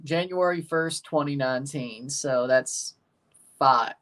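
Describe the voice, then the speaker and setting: A man's voice: fairly high pitch, a little slow, long pauses, recorded from a distance. Rambling man talking a bit off-mic. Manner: rambling, chats with viewers, gets loud and emphatic when judging. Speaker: livestream host ranking soccer kits. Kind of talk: casual livestream chat.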